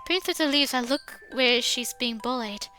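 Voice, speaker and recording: A woman reading a visual novel aloud in expressive first-person narration. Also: sits high, normal speed, soft background music.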